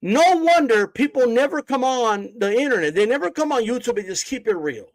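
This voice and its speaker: A man's voice: extremely high pitch, expressive, brisk, dry recording, rough recording. Profane, heated male stream host. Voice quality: profane, confrontational, mocking. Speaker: boxing streamer. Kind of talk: heated live-stream rant.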